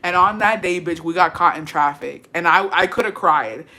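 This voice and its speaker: A woman chats casually on a livestream and reads out viewer comments. Her bright, sharp-edged voice carries brash, profane storytelling, and she mixes English with Spanish as she goes. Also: lowish voice, normal speed. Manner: switches between English and Spanish. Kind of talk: casual chat.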